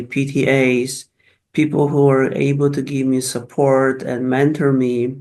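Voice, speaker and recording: A middle-aged man with a Polish accent, a physical therapist telling his life story in an interview, often restarting and repeating words as he recalls events. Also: medium pitch. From Poland.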